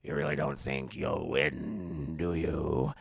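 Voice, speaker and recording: A man voicing a sinister deformed male villain in a movie recap, with a slow, menacing growl. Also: very deep voice, steady tone, vocal fry, dry recording, clean studio sound, voice pushed down, heavily acted. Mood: taunting.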